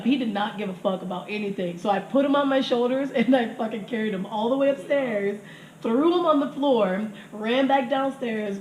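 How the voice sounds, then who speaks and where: A woman in her thirties telling crude stories in casual chat, laughing often and acting out what people said. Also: a little high. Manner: crude, laughing, animated storytelling with acted quotes. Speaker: podcast guest telling stories. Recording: echoey room with faint noise.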